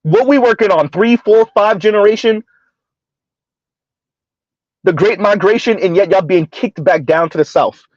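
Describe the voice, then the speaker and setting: A man's voice: high-pitched, a little slow, long pauses, dry recording, lo-fi sound. A man from the US South giving sarcastic, mocking reaction commentary and reading out chat comments. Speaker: commentary streamer.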